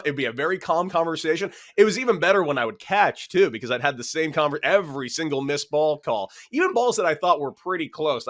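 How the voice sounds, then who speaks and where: A man in his thirties, a former pro ballplayer on a sports talk show, telling stories with lively, animated delivery. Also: fairly high pitch. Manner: lively, animated storyteller, acts out both sides of arguments. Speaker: former pro baseball catcher, show panelist. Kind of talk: casual sports talk storytelling.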